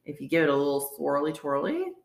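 A woman's voice: sing-song, fast talker, gravelly. A woman co-hosting a casual podcast chat, joking around and tasting wine, sitting back from the mic. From Canada. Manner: jokey, playful, breaks into put-on squeaky voices. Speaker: podcast co-host. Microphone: sits away from the mic. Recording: echoey room.

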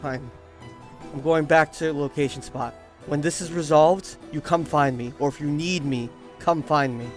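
A woman's voice: low voice, moderate pace, soft background music, close to an everyday voice. A man putting on a brash pirate-like woman. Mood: curt. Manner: rough put-on pirate-ish lilt. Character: brash red-haired woman, pirate-like brawler.

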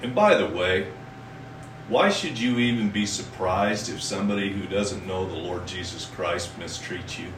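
A man preaching a sermon as pastor, folksy and conversational, reading scripture slowly and with emphasis. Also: low-pitched, expressive, noisy background. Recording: echoey room from a distance.

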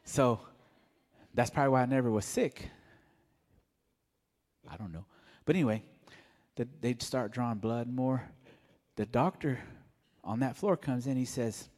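A man giving a mellow, soft-spoken personal testimony at church. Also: mid-range voice, measured pace, pauses often, in a large hall. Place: church sanctuary.

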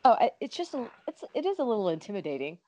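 A woman's voice: on the high side, big pitch swings, racing, warm tone, no room sound. Hesitant woman podcast guest. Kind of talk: casual chat.

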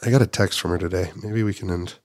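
A man speaking earnestly and with emotion as a guest on a podcast, soft-spoken on serious matters. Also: deep voice, fast talker, dry recording, studio quality. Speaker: guest, nonprofit founder. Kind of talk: heartfelt podcast conversation.

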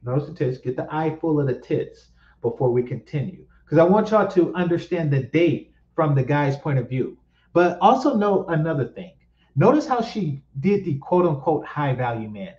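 A man's voice: fairly high pitch, dark tone, muffled recording. A man from East Oakland ranting as he reacts to clips, blunt and mocking, repeating his points for emphasis. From East Oakland, California. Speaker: commentary host reacting to clips.

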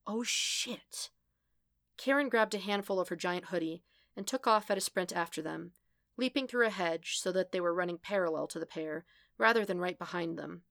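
A woman reading fan fiction aloud as a podfic, in a calm, measured storytelling manner, lightly voicing the dialogue. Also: fairly low pitch, creaky, dry recording, clean studio sound. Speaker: podfic reader.

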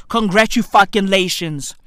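A young man with a South African accent, delivering a profane comedic rant that swings into frequent shouting and laughter. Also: sits high, dry recording. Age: young adult. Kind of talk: ranting comedic monologue.

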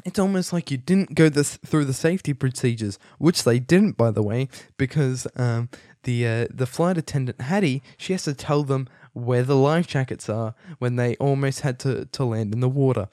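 Amused and easygoing, a young man gives a rambling, casual film review packed with fillers and false starts, talking at normal speed with few pauses. His mellow voice sits at a typical middle pitch, and the recording is close and dry with no sense of the room.

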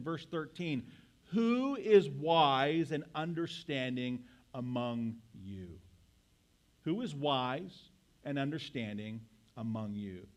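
Emphatic preaching man, slightly high voice. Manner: emphatic preaching with rhetorical questions. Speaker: pastor. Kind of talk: sermon.

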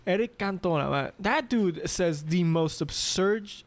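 Gravelly-voiced man telling stories. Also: sits high, slow. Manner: animated, joking storyteller. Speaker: podcast co-host. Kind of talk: casual chat among friends.

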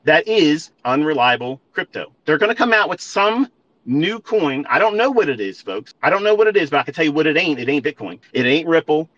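A man's voice: on the high side, fairly bright tone. A man hosting a trading show, delivering a blunt, profane rant and lecturing his listeners as folks. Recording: dull lo-fi audio.

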